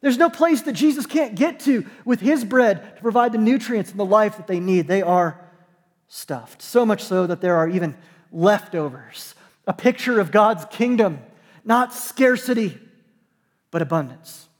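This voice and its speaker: A man, a pastor, preaching a sermon in a conversational, joking way, with dramatic slow pauses. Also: sits high, long reverb tail. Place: church sanctuary.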